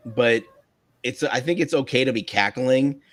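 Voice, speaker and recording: A man's voice: mid-range voice, normal speed, no echo. A man hosting a live stream, chatting casually with a co-host, hesitant and often chuckling. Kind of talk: casual chat.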